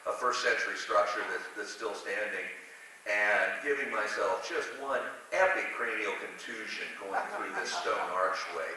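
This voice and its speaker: A man delivers a conversational sermon, full of asides and self-deprecating humor. His voice is very bright and sits at a middle pitch. The recording comes from a distant mic in a very echoey church hall, with a faint hiss underneath. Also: normal speed. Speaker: preacher. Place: church sanctuary.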